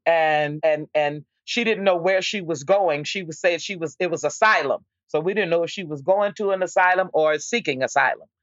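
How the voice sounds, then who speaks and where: A woman stage actor telling a story in an interview, lively, with frequent restarts and repeated words. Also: lowish voice, moderate pace, few pauses, dry recording. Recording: dull, lo-fi dry recording.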